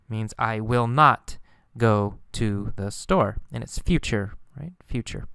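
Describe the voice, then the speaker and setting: A man teaching English at a deliberately unhurried pace, explaining words one by one and repeating them in new phrasings. His voice is very clear and crisp. It sits close and dry on the mic, with no room sound around it. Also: fairly low pitch, fairly bright tone, no room sound. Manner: patient, repeats and rephrases key words. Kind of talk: slow explanatory lesson.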